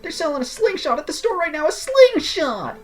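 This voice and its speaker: A shrill little village boy who gushes breathlessly. His voice leaps far above the man's own and swings wildly. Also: sing-song, a little fast, soft background music. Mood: excited. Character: excitable young village boy.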